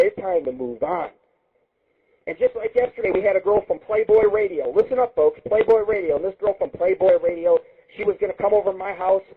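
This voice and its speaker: A man hosting an internet radio show, telling crude rambling stories in a profane, excitable monologue. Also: high-pitched. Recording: husky lo-fi phone-line sound.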